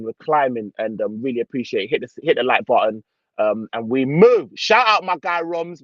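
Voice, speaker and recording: A young man hosting a casual live football stream, reading out viewer comments in relaxed slang. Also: on the high side, no echo, muffled recording. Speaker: football channel host.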